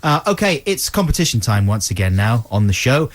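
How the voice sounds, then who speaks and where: A middle-aged man co-hosting a comedy radio show, playful and quick to laugh. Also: medium pitch, big pitch swings. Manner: playful, laughs often, does impressions. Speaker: radio co-host. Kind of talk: comic radio banter.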